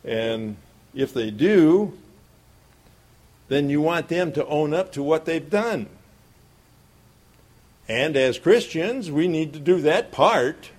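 A man's voice: a little high, expressive, slow pace, long pauses. A middle-aged man preaching a sermon, telling a homespun childhood story in a folksy way and chuckling often.

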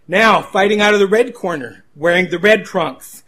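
A man's voice: high voice, a bit bright. A man imitating a flamboyant male fight announcer who draws out every syllable. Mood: announcing. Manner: drawn-out syllables.

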